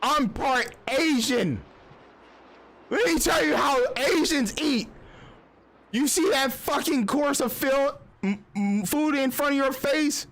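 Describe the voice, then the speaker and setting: A man's voice: very high-pitched, a bit bright, slight background noise. A young man streamer on a casual livestream, ranting bluntly with lots of swearing. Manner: profane, blunt, fast-talking.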